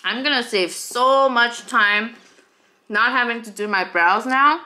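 A woman's voice: on the high side, unhurried, pushed and bright. A young woman hosting a casual eating vlog, bubbly and chatty as she eats and talks to her viewers. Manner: bubbly, greets viewers as honeybees. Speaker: mukbang host.

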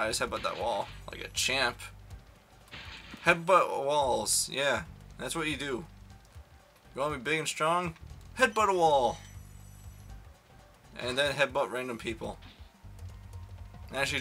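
A young man talks through a video game in a bright, forward voice, rambling and poking fun at himself. His commentary is casual and profane, with quiet game music underneath. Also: medium pitch, vocal fry. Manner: rambling, self-mocking, profane. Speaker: let's play commentator.

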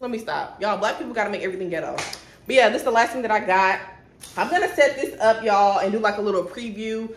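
A woman's voice: mid-range voice, fast talker. A young woman, chatting casually to viewers about her shopping haul at home. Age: 20s. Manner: chatty, talks straight to viewers, sidetracked. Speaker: vlogger. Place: at home, indoors. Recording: echoey room with faint noise.

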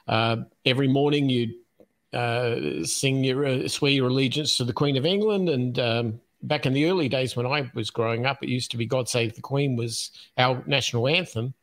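An Australian man in his fifties tells his story as a podcast guest, at an ordinary pitch. He talks without hurry and pauses on ums and uhs, chuckling now and then. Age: 50s. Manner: unhurried, many ums and uhs, chuckles easily. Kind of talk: casual storytelling interview.

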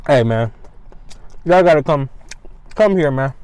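A man's voice: fairly high pitch, animated, unhurried, a little mellow, smooth, no room sound, poor audio. A man, talking casually and in slang on an eating vlog, chatting to viewers between bites. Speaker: mukbang vlogger.

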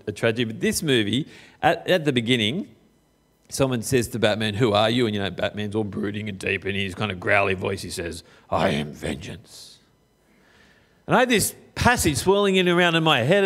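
A middle-aged man preaching a sermon in a conversational way, putting questions straight to his listeners and sometimes slowing down for emphasis. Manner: lively swings of pitch, sometimes slow and emphatic. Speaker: pastor.

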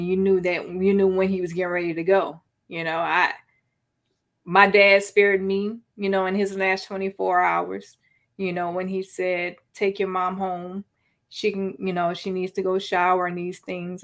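A woman hosting a talk show, speaking with emotion and holding back tears, with many "you know" fillers. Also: lowish voice. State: near tears. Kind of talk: heartfelt conversational interview.

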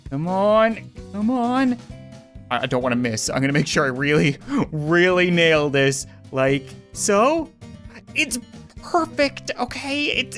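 A woman giving comedic let's-play commentary, swinging between panicked squeals and dry sarcastic calm. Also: low voice. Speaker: gaming video host.

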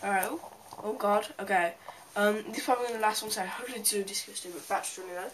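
A woman's voice: mid-range voice, fast talker, a crowd in the background, poor audio. A woman talking casually and rambling while she unboxes a toy and speaks to her viewers. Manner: rambling, chatty, talks while handling things. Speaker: toy collector vlogger. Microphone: handheld camera's built-in mic. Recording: loud noise, crinkling packaging.

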